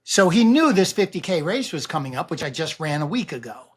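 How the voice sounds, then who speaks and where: A man in his sixties who runs a running vlog, talking casually and rambling to camera, with animated swings and frequent restarts. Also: fairly high pitch, a little fast, breathy edge. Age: 60s. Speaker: running vlogger.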